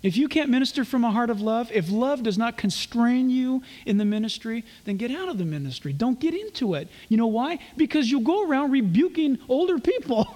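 A man's voice: extremely high pitch, big pitch swings, brisk, hardly any pauses, darkish tone, in a large hall. A man preaching a sermon as pastor and Bible teacher, telling stories animatedly and acting out the characters' voices.

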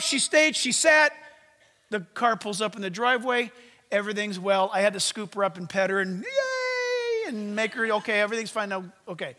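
A man preaching a sermon, swinging from loud commands to hushed asides. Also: very high-pitched, big-room sound. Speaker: pastor.

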